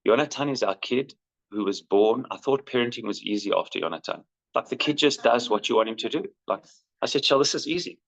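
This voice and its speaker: Candid father telling stories, muffled audio. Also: medium pitch. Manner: candid, animated when quoting himself and his son. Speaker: father recounting his son. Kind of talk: conversational storytelling. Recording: muffled lo-fi recording.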